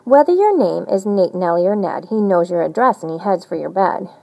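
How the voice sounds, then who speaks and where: Animated woman reading a rhyming storybook. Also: on the low side, brisk, creaky, rough recording. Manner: animated, sing-song storytelling. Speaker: storybook reader. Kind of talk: reading a rhyming picture book aloud.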